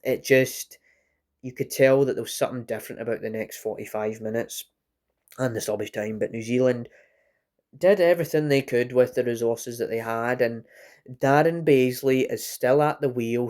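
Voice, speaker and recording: A man's voice: mid-range voice, a little mellow. A man casually reviewing a football match in a solo vlog, rambling and often restarting his phrases.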